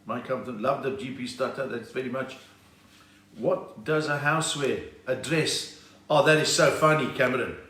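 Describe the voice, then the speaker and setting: A South African comedian chats loosely through a live stream from home, dropping puns and greeting viewers one after another. His voice sits back from the mic in a roomy space with audible echo. The pitch stays in an ordinary middle range for a man. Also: moderate pace, a bit bright, far from the mic. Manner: jokey, chatty, greets viewers by name and answers with puns. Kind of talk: casual live-stream chat reading viewer comments.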